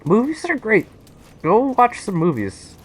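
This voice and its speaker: Excitable young man streaming a game. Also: high-pitched, measured pace, slightly rough. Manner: excitable, rambling, talks to chat. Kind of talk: casual live-stream chat while gaming.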